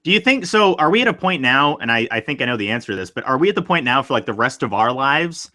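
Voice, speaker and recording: A young man hosting a podcast, chatting casually about sports in an excitable, rambling way and laughing easily. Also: medium pitch, fast talker. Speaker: podcast host.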